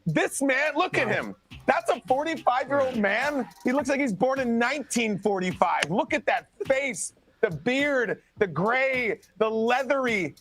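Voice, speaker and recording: A man in an animated, sarcastic sports rant, sounding exasperated and mock-outraged. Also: extremely high pitch, measured pace.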